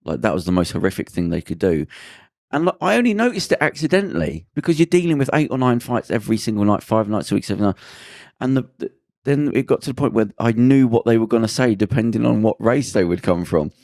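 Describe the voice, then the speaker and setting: A man co-hosting a podcast, telling a story in a lively way and acting out the people in it. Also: mid-range voice, quick pace, dry recording, clean studio sound. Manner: lively, acts out the people in his stories. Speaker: podcast co-host. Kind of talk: casual storytelling anecdote.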